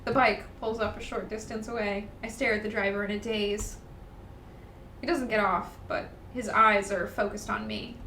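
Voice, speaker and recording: A woman co-hosting a let's-play, reading the game's narration aloud and breaking into excited chatter. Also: medium pitch, normal speed, far from the mic. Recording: roomy echo, off-mic, faint noise.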